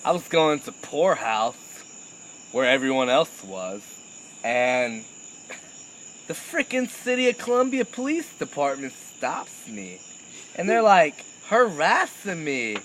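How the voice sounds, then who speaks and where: A young man tells a crude comic story, laughing at his own punchlines. His voice sits fairly high, bright and forceful, swinging widely in pitch. Faint crickets chirp behind him outdoors at night. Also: very animated, takes it slowly, a little hiss or hum, rough recording. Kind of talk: casual comic anecdote.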